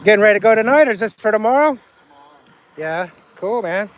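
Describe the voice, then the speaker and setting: A man's voice: high-pitched, expressive, fairly quick. A man on a casual live stream, talking loosely and swearing freely while he walks an outdoor harbor dock, filmed on a handheld phone. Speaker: vlogger walking a harbor.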